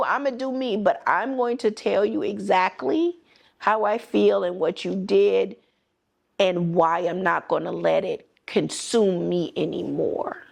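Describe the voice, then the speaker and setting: Middle-aged woman podcast host, gravelly, candid storyteller, blunt and emphatic. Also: medium pitch. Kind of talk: personal storytelling.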